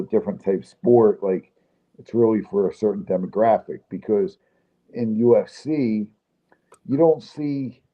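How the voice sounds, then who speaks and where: A man, a fight promoter, speaking as a guest in a casual interview, blunt and opinionated. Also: lowish voice. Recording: tinny phone line.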